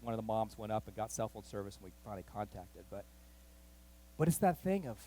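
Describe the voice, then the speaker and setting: A man pastor telling a story in a sermon, animated and acting out the voices of the people in it. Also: fairly low pitch, quick pace, slight background noise. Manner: animated, acts out quoted voices, rising excitement. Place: church.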